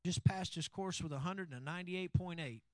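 Man, preacher, very high voice, dry close sound, calls out to the crowd. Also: normal speed, no room sound. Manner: preachy call-and-response with congregation. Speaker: pastor. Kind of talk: sermon.

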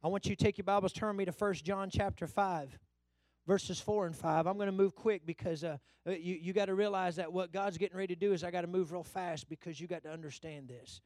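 High-voiced preacher, fervent. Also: male voice, steady tone, brisk, dry recording. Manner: call-and-response preaching, swings from low asides to loud shouts. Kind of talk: sermon. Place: church hall.

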